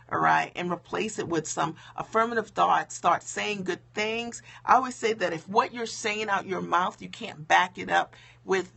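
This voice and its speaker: A woman business coach talking to viewers on a live stream, emphatic and conversational, checking in with "okay?" and "right?", a bit low-key because it is late. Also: gravelly, fairly bright tone, husky. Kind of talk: motivational live stream talk.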